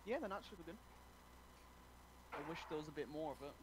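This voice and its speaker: A man's voice: a little high, fast. A man chatting casually with friends, hesitant and full of filler words. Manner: hesitant, says uh a lot. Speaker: streamer's friend. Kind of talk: casual chat. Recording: clear background noise.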